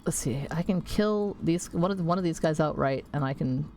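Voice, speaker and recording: A woman's voice: sits low, moderate pace, mellow, soft background music. A woman streaming a game, chatting casually in a rambling way, swearing freely and laughing at herself. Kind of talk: casual chat while playing a game.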